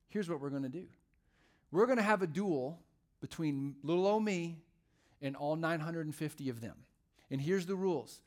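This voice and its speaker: Man doing a cocky prophet, breezy trash-talk, lively swings upward, fairly high voice. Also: moderate pace, lightly acted. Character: brash, cocky male prophet issuing a challenge.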